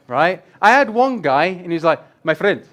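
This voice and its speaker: A guest speaker on user experience design, this man talks in a slightly high voice during a casual presentation to a live audience in an event room. He's animated and joking, and he swears casually as he plays to the crowd.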